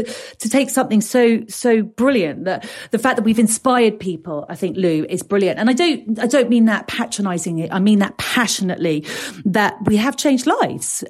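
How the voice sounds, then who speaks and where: A woman's voice: mid-range voice, a little mellow. A woman in her fifties co-hosting a podcast, talking casually and enthusiastically, with frequent restarts. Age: 50s. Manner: enthusiastic, restarts words often. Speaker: podcast co-host.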